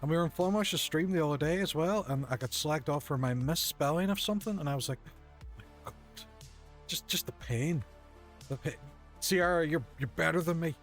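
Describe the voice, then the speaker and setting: His voice is slightly high and brisk as he streams a video game from his home desk. The man jokes around and mocks himself in easygoing gaming chat, with game music playing faintly.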